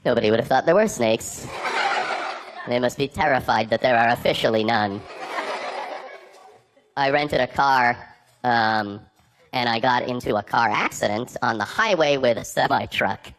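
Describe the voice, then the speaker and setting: A man's voice: mid-range voice, normal speed, pauses often. A man doing a stand-up comedy set, telling rambling anecdotes full of "like" fillers. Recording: noisy live recording with clicks.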